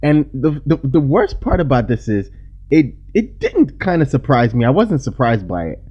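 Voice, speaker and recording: Brief: male podcast co-host, animated storyteller, dull lo-fi audio. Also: medium pitch, husky. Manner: animated, retells scenes with quick asides and self-corrections. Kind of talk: casual chat recapping a TV episode.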